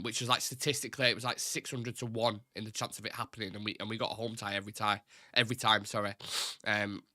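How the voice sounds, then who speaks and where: A man's voice: mid-range voice, bright, forceful tone, no echo, studio quality. A man hosting a live fan stream, chatting casually and reading out viewer comments in a rambling, self-deprecating way. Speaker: host of a live fan show.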